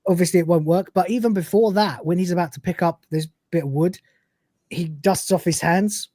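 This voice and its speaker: A man's voice: high voice, fairly quick, warm tone, no echo. A man hosting a live show, chatting casually and animatedly as he retells scenes and quotes the characters. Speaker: podcast host. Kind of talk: casual chat recapping an episode.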